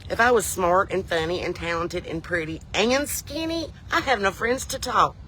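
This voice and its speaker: A woman's voice: medium pitch, expressive, moderate pace, fairly bright tone, slight background noise. A woman with a thick Southern US drawl, telling folksy, rambling comedy stories in casual chat. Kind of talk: chatty comedic storytelling.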